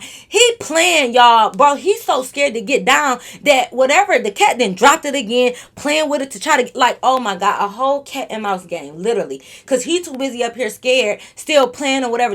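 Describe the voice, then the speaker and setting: A woman vlogger telling a storytime monologue straight to her viewers, animated and freely cursing. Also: a little high.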